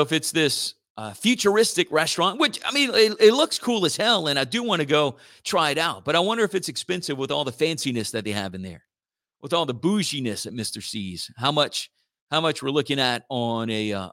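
On his morning radio show, this man talks in a loose, wandering, jokey way, now and then putting on playful robot voices. His voice is mid-range, with a pushed, bright quality.

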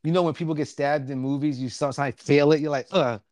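A man in casual podcast chat about a horror film, animated and profane, acting out reactions and laughing. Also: on the high side, quick pace, no room sound.

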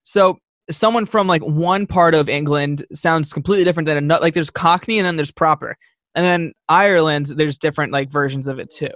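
A man's voice: fairly high pitch, brisk, fairly bright tone, dry recording, clean studio sound. A young man co-hosting a casual chat, laid-back and rambling, laughing often. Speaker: podcast co-host.

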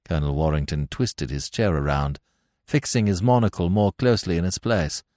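A man narrating a classic story in a measured, expressive audiobook reading. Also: low voice, no room sound, studio quality.

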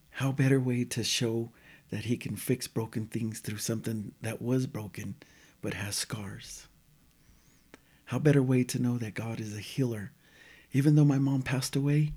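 A man's voice: medium pitch, husky. A man in casual conversation, telling a personal faith story and acting out the dialogue, sometimes dropping to a near whisper. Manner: animated retelling, quoting dialogue, drops to near-whisper at times. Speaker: guest telling a testimony.

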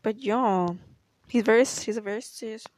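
A woman's voice: on the high side, fairly even intonation, brisk, a little mellow, dry recording. A young woman from Africa, chatting in a rambling, hesitant way as she answers personal questions in a vlog. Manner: rambling, hesitant, self-correcting. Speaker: vlogger. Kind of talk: casual confessional Q&A chat.

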